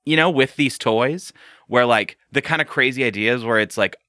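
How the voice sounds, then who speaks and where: A man co-hosting a podcast in casual, animated chat, swearing and laughing often. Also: mid-range voice, moderate pace, no room sound, clean studio sound. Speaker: podcast co-host.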